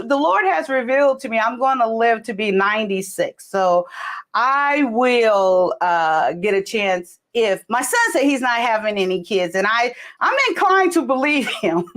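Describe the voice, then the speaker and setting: A woman's voice: sits high, a bit bright. A middle-aged woman hosting a casual livestream, rambling between topics and answering viewers' comments. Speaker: livestream host. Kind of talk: casual live chat with viewers. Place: home, in California.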